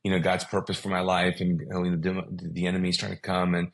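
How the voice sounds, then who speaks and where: A man's voice: low-pitched, completely flat delivery, brisk, a bit bright. A middle-aged man whose first language is Urdu, telling a personal story as a guest and acting out the dialogue in it.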